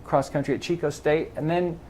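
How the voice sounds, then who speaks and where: This middle-aged Angeleno, a triathlon club president, is a lively storyteller who performs the quoted dialogue in a casual garage interview. His voice is on the high side and a little fast, with some hiss or hum present.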